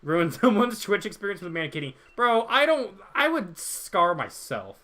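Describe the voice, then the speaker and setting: Joking young man streamer, bright voice. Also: high-pitched, very animated, moderate pace. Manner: joking, rambling, reads chat aloud. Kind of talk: casual chat with stream viewers.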